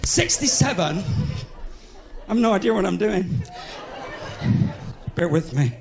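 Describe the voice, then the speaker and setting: A man's voice: high-pitched, lively intonation, slow, vocal fry. A man with a West Country English accent doing live stand-up comedy in a large theatre, chatty and self-mocking as he banters with the crowd. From England.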